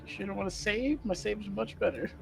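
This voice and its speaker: A woman's voice: mid-range voice, normal speed, creaky, music in the background, rough recording. A woman playing in a tabletop game, chatting casually and arguing her rolls. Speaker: player.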